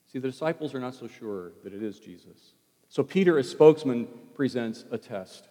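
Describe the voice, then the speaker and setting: A man preaching a sermon in an easy, conversational way, dropping low and soft whenever he quotes. His voice sits at a middle pitch. Long reverb trails each phrase, as in a large hall. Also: expressive, normal speed. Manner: conversational preaching, drops to a hush for quoted words. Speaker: pastor.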